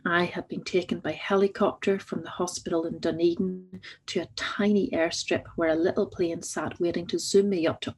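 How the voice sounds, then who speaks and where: A woman reads her first-person memoir with wry understatement. Her low, husky voice stays calm and conversational throughout. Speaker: memoir narrator. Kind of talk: first-person audiobook narration.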